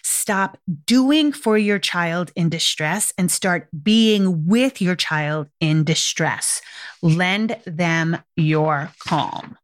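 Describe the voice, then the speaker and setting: A woman's voice: lowish voice, drawn-out words. A middle-aged woman hosting a parenting podcast in casual solo talk, chatty and emphatic, often asking "right?" and addressing listeners as "you guys".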